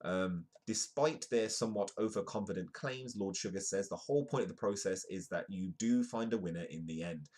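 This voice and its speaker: A man's voice: low-pitched, quick pace. A British man hosting a live-streamed comedy news show, reading stories aloud with joking asides. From United Kingdom. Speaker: host.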